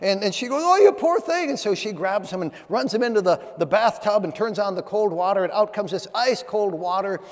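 Preacher in a reverberant church hall. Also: male voice, high voice, brisk, hardly any pauses. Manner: storytelling preacher, reads scripture in old-fashioned phrasing. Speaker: pastor. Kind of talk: sermon. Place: church sanctuary.

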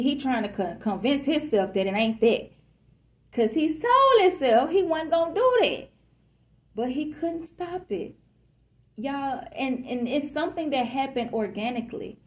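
A woman's voice: a little high, darkish tone. A woman giving a casual collective love reading, chatty and emphatic, who calls her listeners y'all and baby. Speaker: tarot reader.

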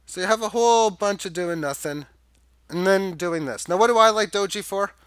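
A man's voice: sits high, normal speed, a bit bright, clear, resonant tone, dry recording. A man giving a rambling, casual chart walkthrough, thinking aloud with fillers and restarts. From Canada. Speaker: crypto chart analyst.

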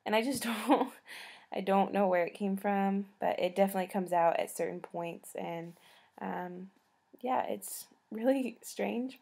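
A tired young woman with a slight Southern US accent, a college student rambling casually to the camera, often trailing off softly. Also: medium pitch, vocal fry. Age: young adult.

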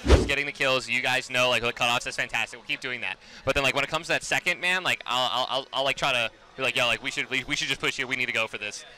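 A man's voice: medium pitch, steady tone, quick pace, few pauses, pushed and bright. A man streaming a game tournament, rambling and apologetic with many fillers. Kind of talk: casual gaming chat.

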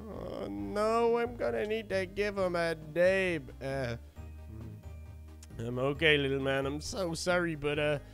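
An Irish man, a gaming YouTuber, talking excitably with many fillers in a playful game role-play. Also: high voice. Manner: excitable, quick, full of fillers.

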